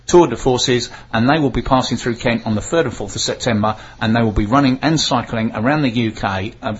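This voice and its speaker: Husky radio host. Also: male voice, medium pitch, brisk, muffled recording. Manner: chatty, reads notices aloud with fillers and stumbles. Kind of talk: casual radio chat, reading announcements.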